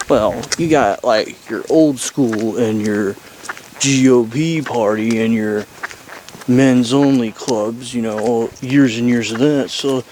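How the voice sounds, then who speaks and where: A man's voice: medium pitch, slow, darkish tone, a little hiss or hum, rough recording. A man in his thirties talking in a sarcastic, profane, ranting way in a casual vlog.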